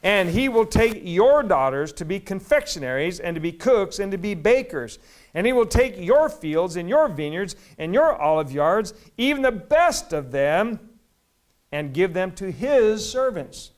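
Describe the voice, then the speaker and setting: A man preaching a sermon as pastor, reading scripture slowly and rising to loud, emphatic peaks. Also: sits high, very animated. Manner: reads scripture slowly in old-fashioned wording.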